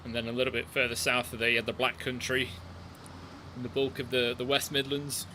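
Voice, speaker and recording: Bright-voiced man streaming a game. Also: medium pitch, flat delivery, brisk, a little hiss or hum. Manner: rambling, chatty asides while playing. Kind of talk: live gameplay commentary.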